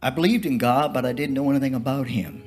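A scared young mother, alone and pleading in plain country words, told by a male preacher in his own voice. The tone sits at an everyday middle pitch, with faint music in the background. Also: fast talker, a little mellow, natural voice.

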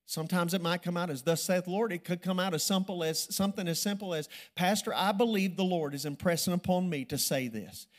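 A man preaching a sermon, telling a church story and building to loud, emphatic preaching. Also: sits high, fairly quick, few pauses.

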